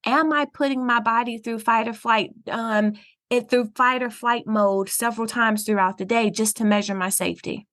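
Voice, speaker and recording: Woman, southern us accent, counselor guest, earnest explaining, higher pitch. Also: fairly even intonation, normal speed. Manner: earnest, explanatory, warm laughs. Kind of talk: podcast interview.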